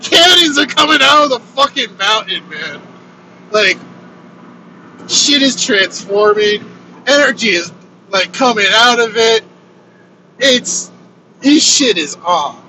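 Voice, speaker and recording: A man casually telling his own story on a road trip vlog, animated and swearing freely. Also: very high voice, slow pace, long pauses, rough recording. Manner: animated, swears freely, acts out quoted lines. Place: inside a moving vehicle on a road trip. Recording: road noise from a moving vehicle.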